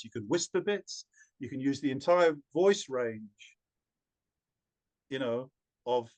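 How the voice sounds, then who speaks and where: A man who works as a storyteller, answering interview questions in an animated way with many repeated words and restarts. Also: mid-range voice.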